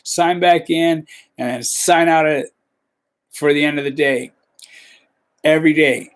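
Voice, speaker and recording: A man hosting a podcast, telling a rambling, profane work story in casual talk. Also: on the high side. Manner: profane, rambling, peppers with "you know". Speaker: podcast host.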